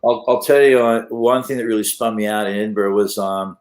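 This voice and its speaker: A man's voice: fairly low pitch, fairly even intonation, a little fast, darkish tone, reverberant, low-quality recording. A man with an Australian accent, a guest telling loose, sweary stories in a casual interview. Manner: swears freely, loose storytelling. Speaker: guest, mastering engineer.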